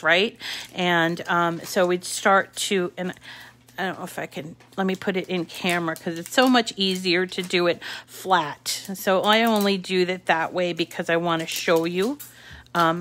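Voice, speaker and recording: Slow-talking Boston woman demonstrating a craft. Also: medium pitch, fairly bright tone, a little hiss or hum. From Boston area. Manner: chatty, many fillers and self-corrections while working. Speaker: craft tutorial host. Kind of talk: casual demonstration with rambling asides.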